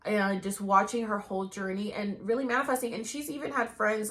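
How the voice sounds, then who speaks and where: A woman's voice: medium pitch, a little fast, few pauses, fairly bright tone. A woman hosting a casual chat podcast, talking eagerly with frequent restarts. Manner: enthusiastic, talks over guest, frequent restarts. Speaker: podcast host.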